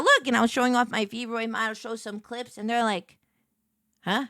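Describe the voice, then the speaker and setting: A woman in her thirties chats to her stream in a high, bright voice, rambling through a story with lots of fillers and laughter. She jumps into excited voices when she quotes herself. The sound is close and dry. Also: normal speed, no room sound. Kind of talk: casual storytelling chat.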